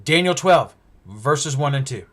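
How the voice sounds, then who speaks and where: A male preacher giving a Bible-teaching sermon, emphatic and full of rhetorical questions, swinging between loud stresses and hushed asides. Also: a little high, lively intonation, unhurried.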